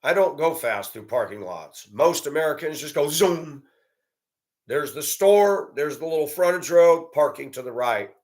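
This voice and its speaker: A man's voice: fairly high pitch, expressive, measured pace, darkish tone. Blunt, ranting man with a raised voice. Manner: blunt, profane, indignant storytelling. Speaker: commentator. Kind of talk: ranting monologue.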